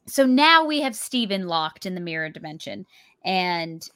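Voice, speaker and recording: Chatty lower-voiced woman co-host. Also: moderate pace, no echo, studio quality. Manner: chatty, animated retelling with acted quotes. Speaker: podcast co-host. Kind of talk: casual chat.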